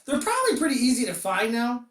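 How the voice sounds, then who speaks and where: A man's voice: very high-pitched, huge pitch swings, fast talker, fairly bright tone, far from the mic. A man co-hosting a casual comic-book podcast, rambling and joking, laughing often. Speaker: podcast co-host. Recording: roomy echo, off-mic.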